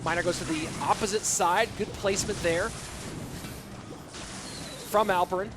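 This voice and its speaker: A man casting a video game tournament on a live stream, chatty and excitable, talking to his chat between matches. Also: high voice, normal speed, noisy background. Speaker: esports caster. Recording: music bed behind voice.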